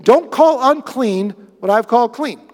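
A man's voice: very high-pitched, lively intonation, a little slow. A male preacher voicing God as a firm, commanding voice from heaven. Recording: echoey hall.

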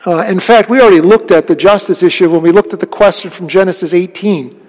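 A man preaching a sermon in a church. He talks earnestly and conversationally, asks the congregation questions, and often drops to a soft, low voice. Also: fast, in a large hall. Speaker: pastor.

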